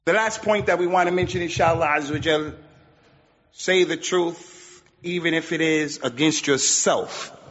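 Male preacher, high voice, emphatic and repetitive delivery; muffled recording with long hall echo. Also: normal speed, fairly bright tone. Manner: emphatic, repeats points, mixes in Arabic phrases. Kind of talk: sermon.

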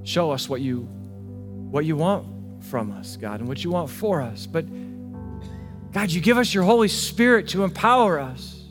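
A male pastor preaching a sermon, swinging between hushed, intimate passages and emphatic, rising declarations. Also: fairly high pitch, animated, measured pace. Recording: long hall reverb with faint music.

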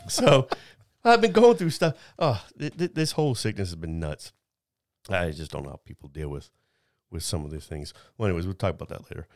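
A man in his fifties with a lowish voice tells a personal story in casual chat. He rambles, restarts his sentences and laughs at himself. The sound is dry and close to the mic. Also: very animated, a little fast, no room sound. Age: 50s.

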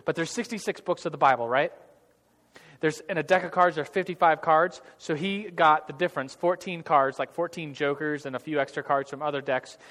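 A man's voice: a little high, a bit bright, big-room sound. A man leading an interactive church group class, talking casually and jokingly with many restarts. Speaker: Bible class leader. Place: large hall with tables of listeners.

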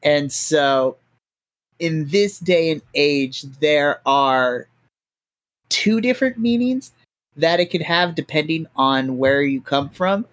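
A man's voice: a little high, lively intonation, slow, a bit bright, dry recording. A man hosting a casual chat as game master, explaining at length with many fillers. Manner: chatty, explains with lots of fillers.

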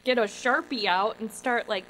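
A woman with a fairly high voice co-hosts a casual comedy podcast. She speaks bluntly and states strong opinions. Sarcasm runs through her remarks. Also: normal speed, fairly bright tone, poor audio.

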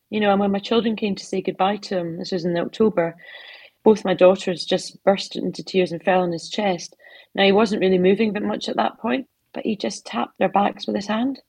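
A woman's voice: mid-range voice, slightly rough, no echo. A middle-aged woman telling heartfelt stories as an author in an interview, speaking from her home office. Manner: heartfelt storytelling with soft asides. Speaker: author guest. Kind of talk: conversational interview answers.

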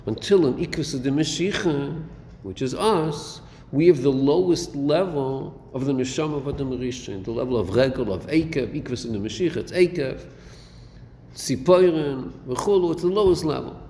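A man's voice: medium pitch, lively intonation, normal speed, dark tone. A man giving a classroom lecture on a Chassidic text, asking rhetorical questions and mixing Hebrew terms into his English. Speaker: Torah teacher. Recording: echoey hall recording with faint noise.

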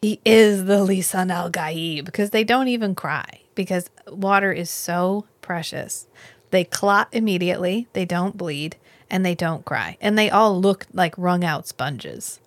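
A woman co-hosting a podcast, recapping a miniseries in animated casual chat, swearing freely and acting out the characters' lines. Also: lowish voice, a little slow, dry recording. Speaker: podcast co-host.

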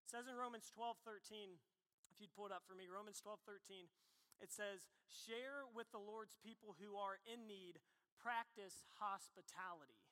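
Pastor, man in his thirties, high bright voice, animated sermon storyteller, reverberant hall. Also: normal speed. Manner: animated storytelling, acts out past selves. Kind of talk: sermon with personal stories.

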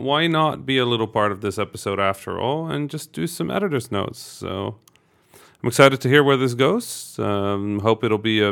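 A podcast co-host and editor talking casually, with plenty of pauses and fillers. His voice sits low with a gravelly edge, yet it sounds bright and crisp. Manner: relaxed, halting with many fillers. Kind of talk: casual chat.

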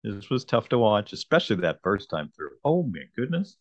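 A podcast co-host reflecting softly in a casual chat. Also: medium pitch, big pitch swings, normal speed, no echo. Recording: dull lo-fi dry sound.

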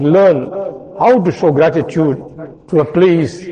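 A man's voice: fairly high pitch, muffled recording. A male preacher giving a sermon, repeating ideas in several words and asking rhetorical questions. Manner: repetitive, listing synonyms, rhetorical questions, slow emphatic phrasing. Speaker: mufti, preacher.

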